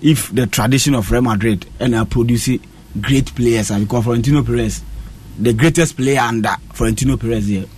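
A man in a casual football discussion, talking haltingly with many fillers and switching between English and another language. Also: medium pitch, darkish tone, a little hiss or hum. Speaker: football pundit.

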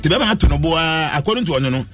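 A man's voice: fairly high pitch, lively intonation, very fast, a bit bright, soft background music. A man with a Ghanaian accent telling stories on a radio talk show, mixing Twi and English animatedly. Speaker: astrologer guest.

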